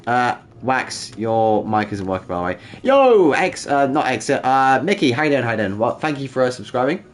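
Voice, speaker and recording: A man's voice: mid-range voice, sing-song, moderate pace. A man hosting a casual livestream, bantering and joking with chat, with frequent restarts. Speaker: livestream host.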